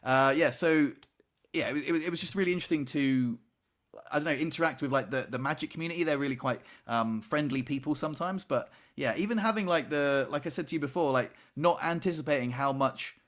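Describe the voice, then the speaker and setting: A man's voice: a little high, fairly quick. A man co-hosting a casual video-call podcast, chatty and rambling with lots of fillers. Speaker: podcast co-host. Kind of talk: casual chat.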